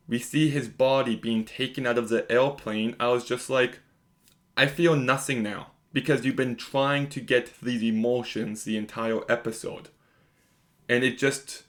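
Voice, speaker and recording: A young man giving a casual video review of a TV episode, talking emphatically with lots of filler words. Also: medium pitch. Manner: emphatic, conversational, lots of "like" and "you know".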